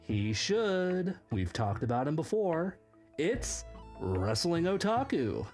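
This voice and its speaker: A woman delivering comedic commentary as the host of a reaction video, her tone sarcastic and mocking. Her pitch swings widely as she exaggerates, and faint music sits under her voice. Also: big pitch swings, takes it slowly, darkish tone.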